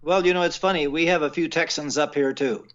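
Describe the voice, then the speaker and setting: A man talking as the guest of an interview, measured and a little halting, often pausing on fillers. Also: a little high, fairly even intonation, fairly bright tone, dull audio. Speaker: guest writer. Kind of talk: casual phone interview.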